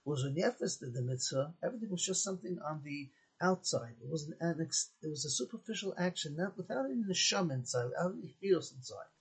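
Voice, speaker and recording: Gravelly, husky rabbi telling a story. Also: male voice, on the high side, animated, fast talker, few pauses, poor audio. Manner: earnest storytelling, many restarts, Hebrew and Yiddish terms. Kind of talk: Torah talk with a story.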